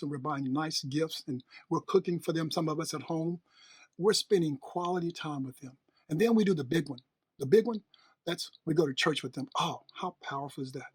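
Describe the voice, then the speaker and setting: A man's voice: a little high, breathy edge, no room sound. A man hosting a motivational monologue, preaching with rhetorical questions and emphatic repetition. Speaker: host.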